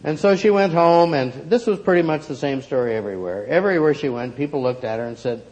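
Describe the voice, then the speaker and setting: A man telling a story aloud in an expressive, playful way, acting out the characters. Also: fairly high pitch, fast talker, highs cut off. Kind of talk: oral storytelling.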